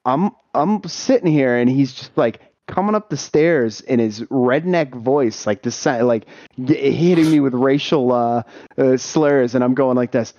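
A man's voice: mid-range voice, measured pace, no echo. A man from Boston telling stories in a casual podcast chat, swearing and acting out what people said. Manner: animated storyteller, acts out voices, swears. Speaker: podcast co-host. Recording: dull lo-fi mic.

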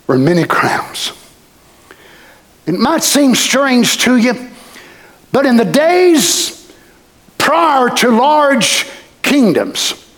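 High, impassioned preacher. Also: male voice. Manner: impassioned, swinging from shouts to whispers. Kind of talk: sermon.

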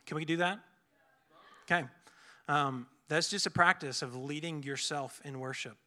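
A man's voice: on the high side, normal speed, pushed and bright. A young man giving an earnest, casual sermon, full of fillers and restarts. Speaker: preacher. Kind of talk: conversational sermon.

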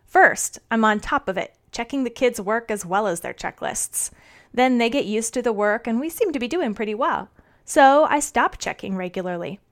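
A woman's voice: on the high side, expressive, normal speed. A middle-aged woman reading her audio blog as a podcast host, cheerful and earnest.

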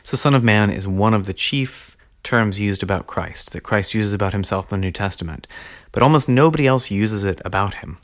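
A man hosting a teaching podcast, speaking in a measured, earnest way and slowing down to stress key phrases. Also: lowish voice. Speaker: podcast host teaching on early Christianity.

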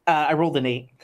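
Low-voiced woman narrating a tabletop game. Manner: relaxed, meandering narration with fillers. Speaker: game master.

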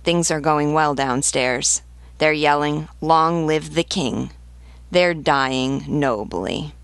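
A swaggering, scornful soldier, read by a woman narrator taunts in a creaky, gravelly voice. His tone mocks and sneers. The recording is dry and close, like a storybook read aloud. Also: low-pitched, slow, dry recording, full character voice. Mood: grumbling. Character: brash mocking wounded male soldier.

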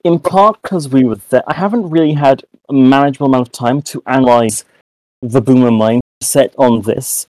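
A man's voice: mid-range voice, moderate pace, warm tone, dry recording, low-quality recording. A young British man, a podcast co-host, talking in a rambling casual way with many restarts and self-mocking asides. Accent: British English. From United Kingdom. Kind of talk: casual chat.

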